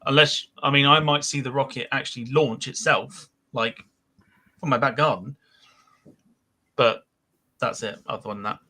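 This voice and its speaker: A man's voice: mid-range voice, moderate pace, long pauses, bright, forceful tone. A man co-hosting a casual aviation podcast, joking and laughing often as he reads out comments. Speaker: podcast co-host. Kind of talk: casual chat.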